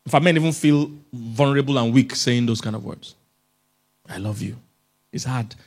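A man gives a lively, joking talk as a relationship expert. He pleads with his listeners and laughs between points, in an ordinary mid-range male voice. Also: mid-range voice, brisk. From Africa. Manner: jokey, coaxing the audience, chuckles often. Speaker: relationship expert speaking at a conference. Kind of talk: humorous motivational talk to an audience.

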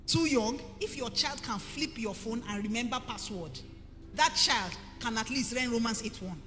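A high-voiced Nigerian woman pastor preaches with a bright, sharp edge and swings her pitch widely. Her emphatic delivery rings through a reverberant church hall. Faint music plays underneath. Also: moderate pace. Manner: emphatic, rising to forceful preaching. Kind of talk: sermon.

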